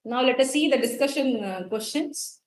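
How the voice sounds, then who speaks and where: A woman's voice: high-pitched, normal speed, reverberant, rough recording. A woman with an Indian English accent teaching a college English class, explaining poetic terms and quizzing students, with frequent fillers. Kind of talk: classroom lecture on a poem.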